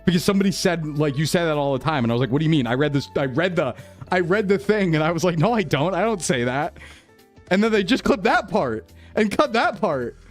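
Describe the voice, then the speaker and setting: A man's voice: a little high, lively intonation, brisk, soft background music. A man streaming live, chatting casually and laughing as he defends himself in a flustered way. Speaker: VTuber streamer. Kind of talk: casual livestream chat. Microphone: desktop streaming mic.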